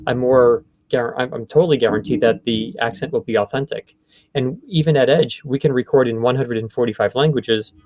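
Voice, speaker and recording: A man's voice: medium pitch, fairly even intonation, fairly quick, muffled recording, a little hiss or hum. A man who runs a voice studio, explaining his field in a conversational interview, often stopping to rephrase. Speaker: voice studio owner.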